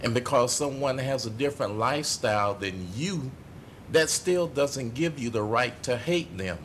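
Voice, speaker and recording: A middle-aged man giving a tearful, impassioned speech as a city commissioner at a council meeting, halting and apologetic. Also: mid-range voice, fairly bright tone, slight background noise. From United States.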